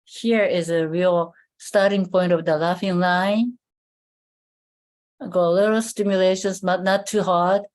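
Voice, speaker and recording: A woman giving a live skincare demonstration over a video call, explaining step by step in a halting way with many fillers and restarts. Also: on the low side, fairly even intonation, darkish tone.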